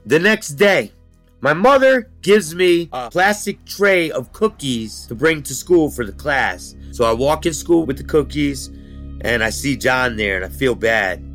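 A man bluntly recounting his rough youth in an interview, talking in street slang and swearing freely. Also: mid-range voice, expressive, unhurried, a bit bright, soft background music. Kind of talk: candid life-story interview.

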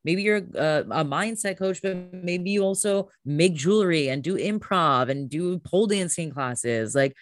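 A woman's voice: lowish voice, expressive, unhurried, few pauses. A woman guest on a podcast, a coach, talking enthusiastically and emphatically in casual chat.

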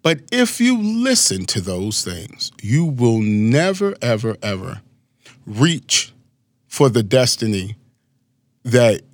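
Motivational speaker, 40s, male, from Maryland; lively, wide-ranging pitch, dry close recording. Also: takes it slowly, no room sound. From Maryland, USA. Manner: animated, storytelling, frequent asides. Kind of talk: casual motivational talk.

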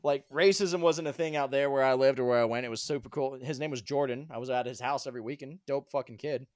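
A man's voice: mid-range voice, quick pace, a little mellow, no room sound. Casual, swearing young man on dry mic. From Colorado. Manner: swears freely, storytelling. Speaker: stream co-host. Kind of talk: casual chat.

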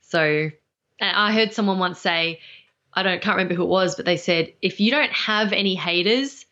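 A woman's voice: mid-range voice, sharp tone. A woman speaking trainer, a guest on a podcast, talking confidently and emphatically in a casual interview. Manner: confident, emphatic, quick to laugh. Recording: dull, lo-fi sound.

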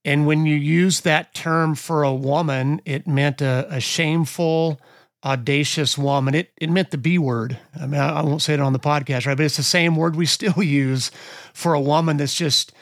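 A man's voice: on the high side, fairly even intonation, normal speed, dry recording, studio quality. A man co-hosting a Bible study podcast, explaining with small stammers on his first words. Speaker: podcast co-host. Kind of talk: casual Bible study discussion.

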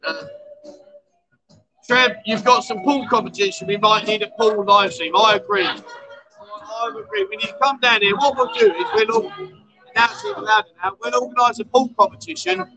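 A man's voice: sits high, moderate pace, bright, forceful tone, poor audio. A man hosting a casual livestream chat show from a bar at night, joking with his guest and reading out viewer comments. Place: bar in a noisy city street at night.

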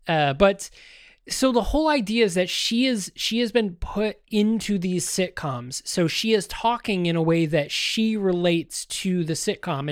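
A man's voice: fairly high pitch, no room sound, clean studio sound. A man hosting a podcast, talking casually about a TV series, rambling with lots of fillers and restarts and joking straight at his listeners. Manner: addresses listeners directly, joking. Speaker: podcast host.

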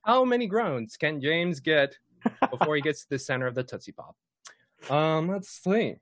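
A man's voice: a little high, lively intonation, normal speed, fairly bright tone, no echo, studio quality. A man hosting and running a tabletop game stream in a casual, jokey, playful way. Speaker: dungeon master and host. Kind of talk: casual live-stream chat.

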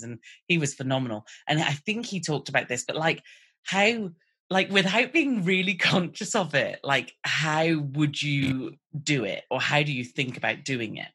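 A low-voiced woman hosts a podcast, excitable and quick with her words. Her tone is bright and forward, with a husky edge. She asks her guest questions in a loose, chatty way. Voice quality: naturally low voice. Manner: excitable and fast-talking. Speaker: podcast host. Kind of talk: conversational podcast interview.

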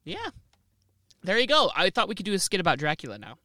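A man telling a comedic history story casually, rambling and acting out quick quotes. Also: high voice, huge pitch swings, pushed and bright, dry recording.

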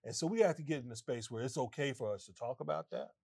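A man's voice: medium pitch, animated, fast talker, a little mellow, no room sound, clean studio sound. A man co-hosting, speaking in an earnest, thoughtful way about healing. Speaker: co-host. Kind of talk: reflective talk.

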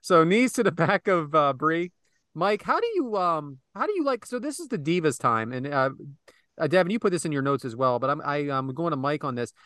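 This is a man hosting a podcast, with a somewhat high voice that swings widely up and down as he talks. He walks through a match play by play and keeps tossing questions to his co-hosts. The sound is dry and close, with little room echo. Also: a little fast. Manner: animated, calls on co-hosts by name. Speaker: podcast host. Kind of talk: casual chat with play-by-play recap.

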